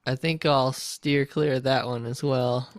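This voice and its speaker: A man's voice: mid-range voice, steady tone, unhurried. A man co-hosting a podcast, chatting casually and putting dry, quizzical questions. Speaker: podcast co-host. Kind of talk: casual chat.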